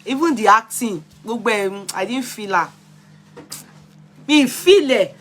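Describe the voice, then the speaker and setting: Nigerian woman, Yoruba-tinged accent, a touch high-pitched; blunt, emphatic live-stream host. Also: animated, measured pace, fairly bright tone. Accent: Nigerian, Yoruba-inflected. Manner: blunt, emphatic, answers viewers' comments directly. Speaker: vlogger reviewing films. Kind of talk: casual live-stream chat.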